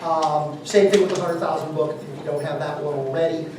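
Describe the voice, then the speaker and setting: A man's voice: a little high, fairly even intonation, a little fast, a little mellow. A man giving an emphatic motivational seminar talk, repeating key numbers and quizzing his audience. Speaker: business seminar speaker. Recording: very echoey room, mic far off, faint noise.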